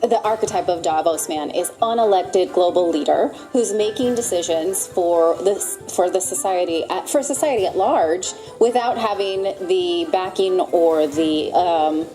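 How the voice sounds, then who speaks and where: A woman's voice: fairly low pitch, unhurried, hardly any pauses, dark tone, soft background music, rough recording. A woman commentator speaking hesitantly, searching for her words.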